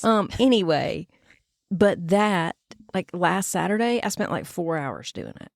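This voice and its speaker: Chatty woman, lowish voice. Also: big pitch swings, measured pace, vocal fry, no echo, clean studio sound. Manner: chatty, laughs often, slips into playful put-on voices. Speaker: podcast co-host. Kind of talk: casual chat.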